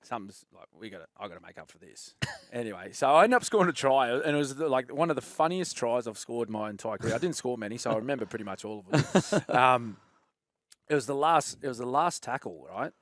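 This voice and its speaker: Animated Australian man telling footy stories. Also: medium pitch, a little fast, dry recording, studio quality. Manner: animated, laughs often, says "mate" a lot. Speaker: podcast guest, former rugby league player. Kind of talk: casual storytelling chat.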